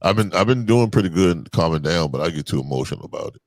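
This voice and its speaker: A man co-hosting a casual podcast chat, animated and swearing freely, his voice jumping up loud when he gets worked up. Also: low voice, quick pace, no room sound. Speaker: podcast co-host.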